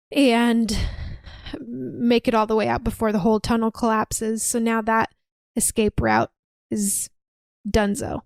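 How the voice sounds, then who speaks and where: A woman's voice: on the high side, darkish tone, clean tone, dry recording. A young woman co-hosting a podcast, casually retelling a story and acting out the quotes as she goes. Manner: breezy storyteller, acts out quotes. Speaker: podcast co-host recapping a film. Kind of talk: casual chat, retelling a plot.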